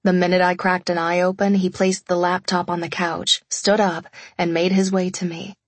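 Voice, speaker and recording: A woman's voice: lowish voice, little pitch movement, normal speed, dry recording. A woman narrating a romance audiobook in the first person, intimate and confessional.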